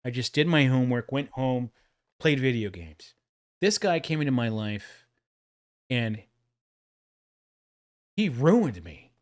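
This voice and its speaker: A chatty Texan man in his forties hosts a casual livestream, rambling between clips and laughing at his own jokes. His voice sits at an ordinary middle pitch. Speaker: livestream host reacting to old commercials.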